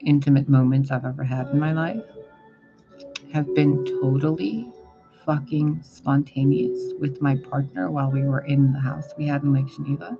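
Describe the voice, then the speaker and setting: A man's voice: medium pitch, steady tone, moderate pace, creaky. A man giving casual spiritual advice as a tarot reader, talking bluntly and swearing freely. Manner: blunt, profane, chatty. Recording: dull lo-fi sound with loud music. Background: music.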